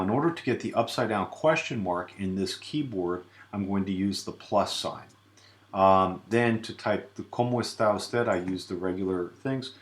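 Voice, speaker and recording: A man giving a relaxed screen-recorded software tutorial, with many filler sounds. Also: low voice, echoey room. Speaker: tutorial presenter.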